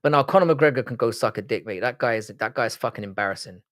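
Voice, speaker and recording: A man's voice: medium pitch, fast talker, fairly bright tone. Young irish guy from cork on a live stream, swears a lot, rambles and restarts, just chatting. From Ireland. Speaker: livestream host. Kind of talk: casual live-stream chat reading viewer comments.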